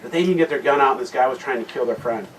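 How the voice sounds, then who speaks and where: A man giving a conversational talk at a men's retreat, retelling a Bible story with many restarted phrases and a quieter voice for serious points. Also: medium pitch, racing. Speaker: guest speaker at a men's retreat. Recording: distant mic with loud background noise.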